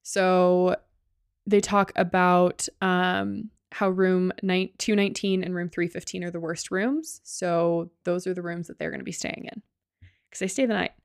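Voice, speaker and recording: A woman's voice: lowish voice, fairly even intonation, measured pace, clean tone, dry recording, studio quality. Woman recapping a ghost show, swearing. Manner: loose, sweary storytelling with many likes. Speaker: podcast co-host. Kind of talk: casual chat recapping a ghost-hunting show.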